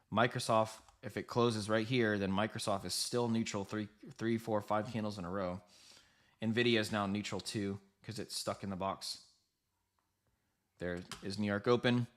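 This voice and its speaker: Fast-talking male trading-stream host. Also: on the low side, a bit bright. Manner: quick, rambling, self-correcting, addresses viewers directly. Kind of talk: live market commentary.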